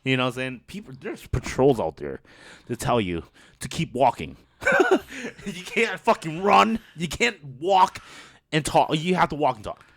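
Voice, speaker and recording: A young man hosts a casual podcast and tells stories from his school days. His voice sits a touch high and leaps around wildly in pitch. He laughs constantly and swears freely. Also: normal speed. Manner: laughs often, swears freely, animated retelling. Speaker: podcast host. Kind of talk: casual storytelling chat.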